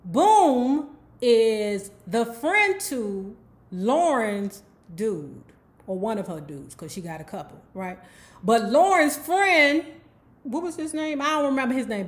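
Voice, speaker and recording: A woman's voice: a little high, very animated, takes it slowly. A woman casually retelling a novel's plot as a book club host, chatty and profane, with personal asides to the listener. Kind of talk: casual book recap storytelling.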